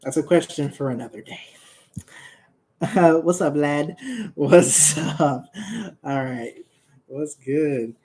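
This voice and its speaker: Young male streamer, casual and jokey; slow delivery, soft dark tone. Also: fairly high pitch. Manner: rambling, joking, laughs often, gets worked up and shouts. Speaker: comic creator streaming. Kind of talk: casual livestream chat.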